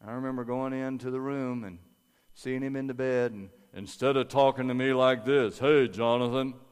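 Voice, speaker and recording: A man's voice: mid-range voice, fairly even intonation, moderate pace, clear, resonant tone. A man preaching a sermon through a personal story, talking conversationally and acting out family members' voices. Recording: long hall reverb.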